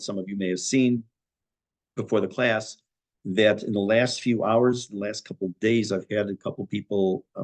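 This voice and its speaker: A middle-aged man, a rabbi giving a Torah class, talking thoughtfully many pauses and restarts. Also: low-pitched, darkish tone.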